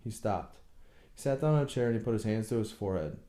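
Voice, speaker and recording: A man reading a novel aloud as an audiobook narrator, slow and measured. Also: fairly low pitch, lively intonation, warm tone, roomy sound. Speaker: audiobook reader.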